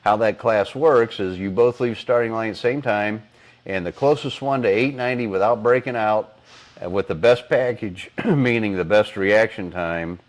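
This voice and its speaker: A middle-aged man co-hosting a podcast, explaining engine parts in casual technical shop talk, rambling with many fillers and frequent throat clearing, on a collar lapel mic. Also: lowish voice, normal speed. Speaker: engine builder and podcast co-host.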